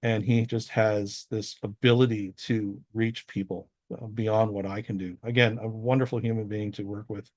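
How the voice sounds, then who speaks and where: A man's voice: fairly low pitch, level tone, moderate pace, hardly any pauses, a little mellow, dry recording, clean studio sound. A man giving a casual, rambling talk over a slideshow of photos, with frequent restarts. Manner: rambling, many restarts, easygoing. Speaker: guest astronomer.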